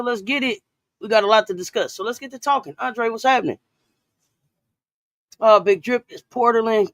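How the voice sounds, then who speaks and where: Woman hosting a sports livestream, hyped, shouting out the chat, dry close mic sound. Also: medium pitch, no echo. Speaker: sports talk livestream host.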